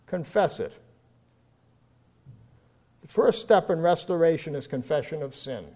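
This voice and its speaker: A man's voice: a little high, expressive, unhurried, long pauses, mellow. A man preaching a sermon, telling a story earnestly and rising to fervent emphasis.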